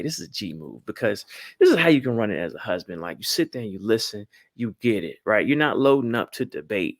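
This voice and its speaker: A man giving lively marriage advice to a crowd, folksy and animated, often calling out to the audience. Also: fairly low pitch, dry recording, clean studio sound. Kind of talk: lively talk to a live audience.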